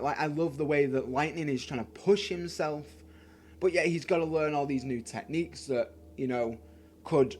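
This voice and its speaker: A man's voice: fairly high pitch, slight background noise. A man, casually gushing about his favorite movies in a vlog, often repeating himself. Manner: enthusiastic, gushing, repeats words. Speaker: channel host.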